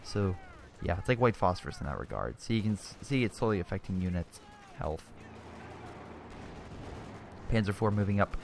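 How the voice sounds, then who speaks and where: A man's voice: low-pitched, animated, normal speed, creaky, pauses often, noisy background. A young man giving casual commentary over a strategy game replay, chatty and exclamatory, often restarting his sentences.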